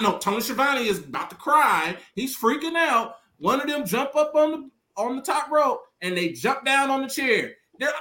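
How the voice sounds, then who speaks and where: A man co-hosting a wrestling podcast, telling stories in animated, profane casual chat and acting out quotes loudly. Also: very high voice, normal speed, roomy sound. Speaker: podcast co-host.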